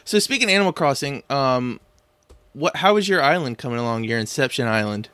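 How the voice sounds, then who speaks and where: A man hosting a casual voice-acting podcast chat, asking rambling, halting questions. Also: mid-range voice, lively intonation, a bit bright, clear, resonant tone, no room sound. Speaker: podcast host.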